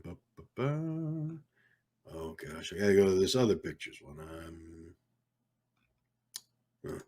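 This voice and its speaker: Broadcasting from home in California, a man runs a laid-back livestream in a fairly low, a little mellow voice. His talk wanders, peppered with ums and uhs, picked up by a desk microphone placed in front of a keyboard.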